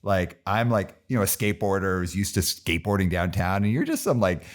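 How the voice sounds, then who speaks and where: A man with a very low voice hosts a podcast. He talks in a loose, rambling way with lots of casual fillers. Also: expressive, brisk. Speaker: podcast host. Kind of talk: conversational interview.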